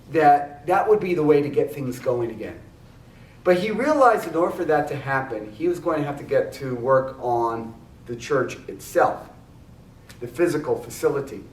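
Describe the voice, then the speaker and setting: Male preacher, animated storyteller with restarts; roomy, distant sound. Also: on the high side, a little hiss or hum. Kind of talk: sermon storytelling. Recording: echoey room, mic at a distance.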